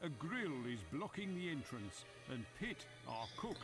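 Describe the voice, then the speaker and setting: A helpful, courteous servant in a video game. His fairly high voice rises and falls in a lively, animated way. He speaks in formal, polite sentences. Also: a little slow, faint music behind.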